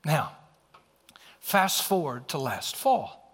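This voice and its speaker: A man's voice: a little high, big pitch swings, slow pace, a bit bright, husky. A middle-aged male preacher telling a personal story in a sermon, earnest and acting out the dialogue. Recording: long hall reverb.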